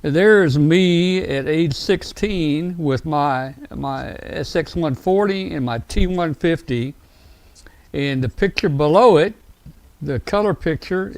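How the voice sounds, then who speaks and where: Male show host; excitable, rambling, slightly high pitch. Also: no room sound. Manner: rambling, excitable, many fillers and restarts. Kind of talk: casual live-show talk.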